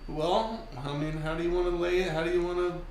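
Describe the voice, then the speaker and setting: Male podcast co-host, slightly high voice, jokey and laughing, echoey room recording with faint noise. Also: steady tone, a little fast, a little mellow. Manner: joking, laughs often. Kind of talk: casual chat. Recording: roomy echo, faint noise.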